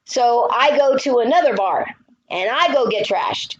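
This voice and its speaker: Woman, 50s, psychic guest, animated storyteller, fairly high voice, muffled audio. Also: a little slow, slightly rough. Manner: animated, acts out quotes in her story. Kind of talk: storytelling in a radio interview. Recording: dull lo-fi audio.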